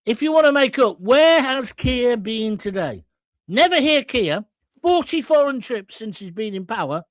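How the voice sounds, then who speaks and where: A man's voice: very high voice, sing-song, measured pace, no echo. A man hosting a live stream, reading out viewer comments and answering them in a blunt, combative, joking way. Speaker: host.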